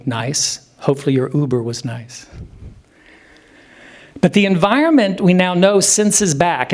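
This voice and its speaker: A man in his fifties, a clinician giving a conference presentation in a hotel room, speaking emphatically and slowing down for effect. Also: fairly high pitch. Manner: animated, emphatic, slows down for effect.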